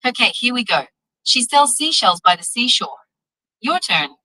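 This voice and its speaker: Bright, encouraging AI assistant woman voice. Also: a little high, big pitch swings, moderate pace, dry recording, rough recording. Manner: upbeat, encouraging, evenly paced. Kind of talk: AI assistant tutoring.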